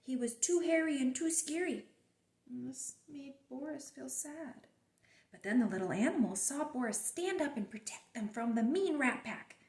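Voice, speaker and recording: A woman reading a picture book aloud at a library storytime, gentle and sing-song, asking her young listeners questions. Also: a little high. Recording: roomy echo.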